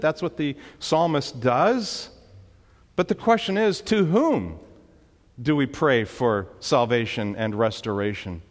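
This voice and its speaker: A male pastor preaching a sermon emphatically, rising on pleas and dropping low for asides, in a church. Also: long reverb tail.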